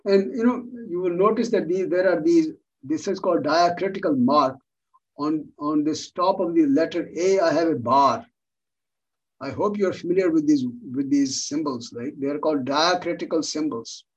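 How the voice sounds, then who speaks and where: A man's voice: a little high, normal speed, slightly rough, far from the mic, muffled recording. A man teaching yoga philosophy in an online class, patient and repeating words for emphasis, heard over a video call.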